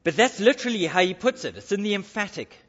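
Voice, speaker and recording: A man's voice: high-pitched, expressive, fast talker, fairly bright tone, breathy edge. A male pastor preaching a sermon in church, emphatic and repeating his key phrases. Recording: dull recording with long hall reverb.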